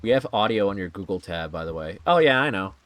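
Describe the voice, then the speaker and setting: A man's voice: lowish voice, animated, fast, a bit bright, no room sound. A man streaming a video game, chatting casually with his audience and laughing at his own jokes. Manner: chatty, laughing, jokey asides to chat. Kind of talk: casual gaming stream chat.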